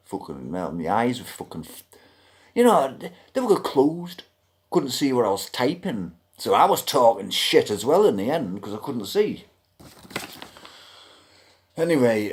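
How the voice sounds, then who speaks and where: A man's voice: fairly low pitch, very animated, moderate pace, a little mellow. A man with a British accent ranting bluntly to camera, griping and swearing freely. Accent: British English. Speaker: vlogger. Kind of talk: ranting monologue.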